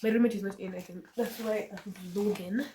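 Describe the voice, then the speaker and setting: A young Kenyan woman vlogs casually from her room, switching between English and Swahili, talking fairly quickly and letting out high shrieks of excitement. She has the flu, so she sounds a little stuffy and congested and coughs. A phone a few steps away records her, far from the mic, with a clear hiss of background noise.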